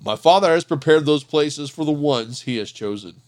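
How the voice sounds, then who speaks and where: A man reading the words of Jesus as a calm, earnest grown male teacher in a scripture reading. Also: fairly high pitch, moderate pace, lightly acted. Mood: solemn.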